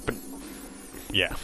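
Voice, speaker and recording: A man's voice: bright, forceful tone, slight background noise. A young man giving casual, rambling commentary over his video game playthrough, joking around and swearing now and then. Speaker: let's play gamer.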